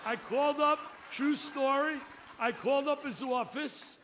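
A man in his seventies giving a lively, excitable acceptance speech, telling stories loudly. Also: very high-pitched, unhurried, background noise. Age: 70s. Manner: excitable, loud, storytelling, exclamatory. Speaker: award recipient giving a speech.

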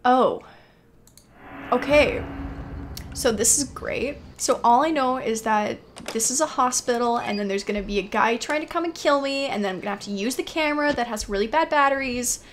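A young woman with a high, light voice narrates her own gameplay in nervous, fretful self-talk. She circles back to the same anxious phrases again and again, with a faint hiss under the recording. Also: normal speed. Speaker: let's play gamer. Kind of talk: casual gameplay commentary.

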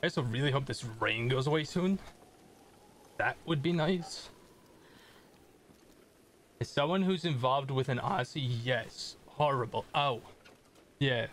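A man's voice: mid-range voice, lively intonation, measured pace, long pauses, a bit bright, slight background noise. A man streaming a video game, chatting casually with viewers in a rambling, self-deprecating way and swearing at the game. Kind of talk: casual gameplay commentary.

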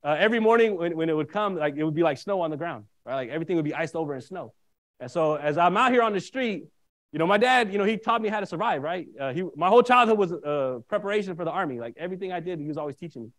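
A man preaching a sermon, telling a personal story in an animated way and often checking in with his listeners. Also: on the high side, rapid-fire. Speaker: minister.

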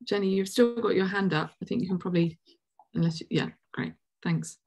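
A woman's voice: fairly low pitch, fairly quick, darkish tone, slightly rough. A woman hosting and chairing a Q&A at an online science seminar, talking with many ums and restarts over a video call. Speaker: session chair and host.

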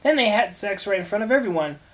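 A woman reading an absurd, crude parody story aloud with a deadpan delivery. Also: medium pitch, fast talker. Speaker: fanfiction reader.

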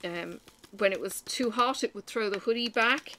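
A woman's voice: mid-range voice, moderate pace, a bit bright, slight background noise. A woman from Ireland with an Irish accent, chatting casually and telling rambling stories while she stitches for her crafting vlog. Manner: rambling, chatty storytelling with frequent fillers. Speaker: crafting vlogger.

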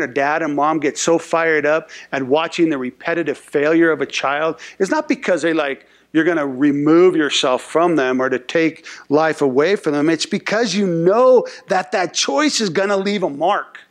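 A man's voice: fairly high pitch, moderate pace, few pauses. A male pastor giving a conversational sermon who acts out short voices and often repeats words as he talks.

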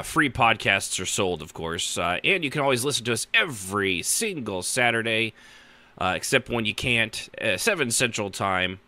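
A man's voice: fairly low pitch, sharp tone, no room sound. Jokey, rambling man hosting a chat show. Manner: jokey, rambling, mock-outraged. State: tired. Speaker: podcast host. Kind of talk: casual comedic chat.

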